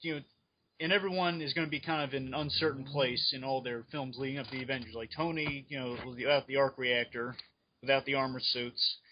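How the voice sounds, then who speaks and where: A man in casual chat on a fan podcast, excitedly rambling through his speculation. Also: medium pitch, fairly quick. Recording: dull lo-fi recording.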